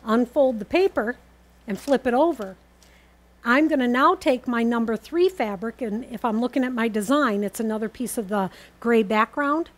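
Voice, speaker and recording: A woman demonstrating quilting, calmly and methodically explaining each step as she sews. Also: fairly high pitch, moderate pace. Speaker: quilting teacher.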